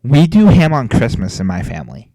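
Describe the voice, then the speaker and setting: A young man in casual podcast chat, animated and opinionated, swearing casually. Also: mid-range voice, brisk, dry recording. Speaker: podcast co-host.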